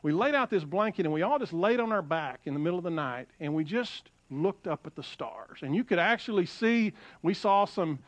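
A middle-aged man preaching a sermon, animated and repeating phrases as he quotes scripture. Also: sits high, fairly quick, few pauses, dry recording. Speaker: pastor.

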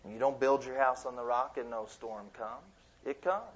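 A man giving a sermon as a youth minister, in lively, conversational preaching with asides. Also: medium pitch, normal speed, husky. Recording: dull lo-fi sound.

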